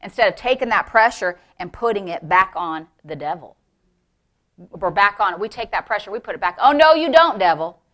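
Bright-voiced woman pastor preaching. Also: medium pitch, a little fast. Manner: emphatic preaching, building to shouts; asks the congregation for responses. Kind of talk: sermon.

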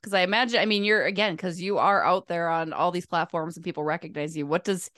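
Lower-voiced woman hosting a casual chat. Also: fairly even intonation, fast talker, a bit bright, no echo, clean studio sound. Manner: playful and chatty, laughs along with the guest. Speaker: podcast host.

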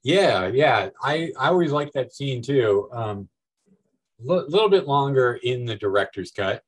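A man's voice: medium pitch, lively intonation, a little slow, breathy edge, poor audio. A man who is a guest on a podcast, talking loosely about films with many fillers. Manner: loose, rambling, filler-heavy. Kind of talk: casual film discussion.

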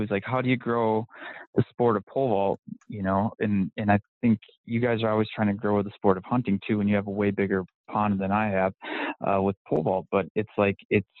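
A man's voice: lowish voice, dry recording. A man chatting as a podcast guest, rambling and self-deprecating, laughing often. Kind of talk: casual interview chat. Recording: tinny phone-like line.

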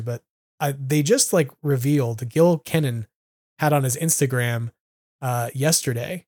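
A man co-hosting a casual podcast chat, rambling and animated with lots of fillers. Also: medium pitch, normal speed, dry recording, studio quality. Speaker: podcast co-host.

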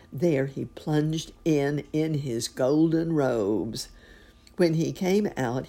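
Woman with a low, gravelly storytelling voice. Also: mellow. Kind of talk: storybook reading.

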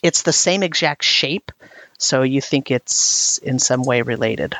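A woman's voice: extremely low pitch, measured pace, a bit bright, no echo. A woman narrating a tabletop role-playing game as game master, describing scenes at length and laughing often.

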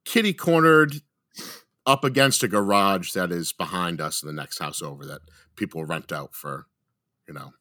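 A young adult man telling a story in casual, animated chat, swearing heavily and acting out what people said. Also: sits low, normal speed. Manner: animated, heavy swearing, acts out quotes. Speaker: podcast co-host telling a story.

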